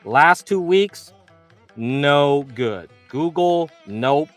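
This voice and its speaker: A man's voice: fairly high pitch, lively intonation, extremely slow, fairly bright tone, soft background music. A man hosting a livestream about the stock market, talking loosely to his viewers as "you" and acting out how panicked traders feel, swearing now and then. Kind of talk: casual market commentary.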